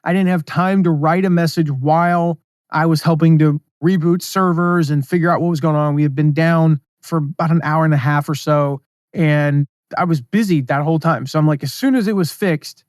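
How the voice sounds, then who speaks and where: A man hosting a solo business podcast, talking casually and reading his own emails aloud with quick asides. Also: fairly high pitch, steady tone, darkish tone, no room sound, clean studio sound. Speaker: podcast host.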